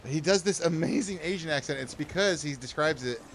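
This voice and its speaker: A man's voice: on the high side, fairly quick, a little hiss or hum. A man streaming a game and chatting with friends, telling rambling stories with lots of laughter and swearing. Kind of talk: casual gaming stream chat.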